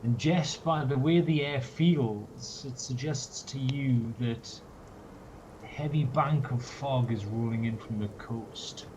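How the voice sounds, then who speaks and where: A man's voice: medium pitch, takes it slowly, darkish tone. A man narrating a tabletop game as game master, in a descriptive, dry and wry manner. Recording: dull, noisy online call audio.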